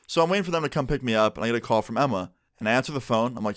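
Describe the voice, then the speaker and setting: A man's voice: medium pitch, very fast, few pauses, a bit bright, dry recording, studio quality. A young man telling a personal story to his viewers in a casual, chatty way, peppered with "like". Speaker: vlogger.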